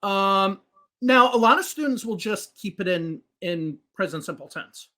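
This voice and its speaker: A native English-speaking man who teaches English patiently walks through grammar using spoken examples in a podcast conversation. His voice is high-pitched and animated yet unhurried, with a crowd audible behind him.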